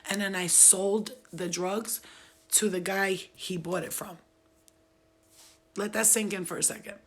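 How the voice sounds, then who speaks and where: Host: husky, gravelly New woman, animated and foul-mouthed, telling stories straight to camera. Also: mid-range voice, measured pace. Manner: animated, profane, laughing. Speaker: storyteller host. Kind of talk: casual storytelling live stream.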